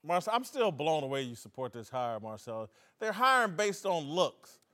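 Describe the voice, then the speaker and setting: A man's voice: fairly high pitch, very animated, normal speed, sharp tone. A man hosting a comedic sports talk show, giving blunt, playful verdicts. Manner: blunt, playful ratings delivery.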